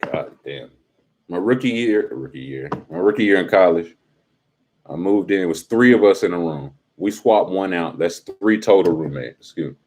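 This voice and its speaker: A man's voice: low voice, lively intonation, moderate pace, darkish tone, a little hiss or hum. A young adult man hosting a casual live stream, teasing and talking straight to his chat in slangy speech.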